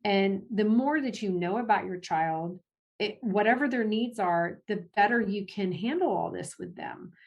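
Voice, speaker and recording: A woman, a parent advocate, speaking as a guest in a conversational interview, animated, with frequent restarts and laughs. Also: normal speed, muffled recording. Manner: animated, acts out family quotes with big pitch jumps.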